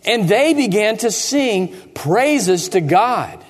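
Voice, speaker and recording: A pastor with a high, lively voice tells a dramatic first-person story to children in a church sanctuary, the echoey hall ringing around him. He speaks slowly and theatrically, dropping to hushed tones and asking the kids questions.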